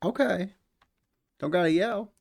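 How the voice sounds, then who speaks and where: A man's voice: high-pitched, a little slow, vocal fry. A man streaming a game, chatting casually and joking while reading the text aloud. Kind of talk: casual game playthrough commentary.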